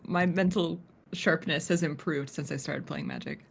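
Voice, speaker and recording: A woman's voice: low voice, fairly even intonation, moderate pace, gravelly, husky. A woman chatting on an online voice call, laughing and joking about herself. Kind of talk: casual group chat on a voice call. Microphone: computer mic on an online voice call.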